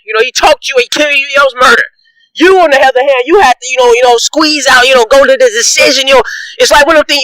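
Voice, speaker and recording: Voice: sits high, lively intonation, quick pace, a bit bright, low-quality recording. A reaction vlogger giving heated, profane commentary, ranting with repeated emphatic jabs and frequent laughter.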